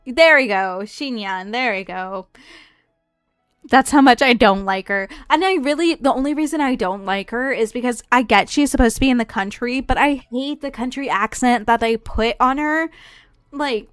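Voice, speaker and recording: Young woman from the American South, streamer doing casual gameplay commentary; higher-pitched, smooth clear voice, dry close sound, chatty and rambling. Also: moderate pace, fairly bright tone, no room sound, soft background music. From Southern United States. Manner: chatty and rambling, often trailing off and restarting.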